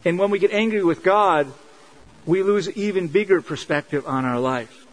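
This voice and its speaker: A man's voice: high-pitched, moderate pace, poor audio. A man preaching a sermon in an earnest, conversational way, driving points home with repetition. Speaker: pastor.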